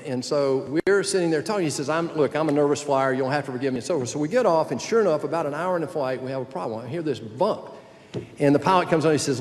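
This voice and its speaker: Older male senator addressing a big conference hall, folksy joking storyteller, a bit higher voice, big reverb. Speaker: senator giving a speech. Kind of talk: political speech to a youth conference.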